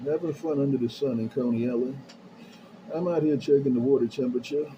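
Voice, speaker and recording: A man's voice: medium pitch, muffled recording, background noise. A man on a CB radio at his home base station, calling out his handle and greeting others in repeated sing-song phrases. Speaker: CB radio operator. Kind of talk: CB radio call-outs. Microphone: CB radio handheld mic.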